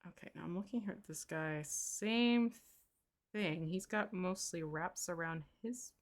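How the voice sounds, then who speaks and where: A woman co-hosting a casual painting livestream, lively and jokey with bursts of laughter. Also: fairly low pitch, a little slow. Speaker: co-host learning mini painting.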